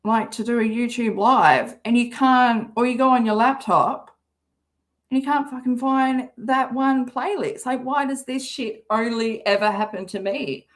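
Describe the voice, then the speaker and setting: An Australian woman hosting a casual livestream, rambling and swearing often, with a slightly hoarse throat. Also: fairly high pitch, a little slow. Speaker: livestream host.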